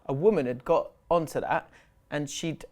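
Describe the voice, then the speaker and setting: A man co-hosting a podcast, chatting casually about football and telling stories, often cutting in with quick remarks. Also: on the high side, a little mellow. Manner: chatty, laughing storyteller who interjects often. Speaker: podcast co-host.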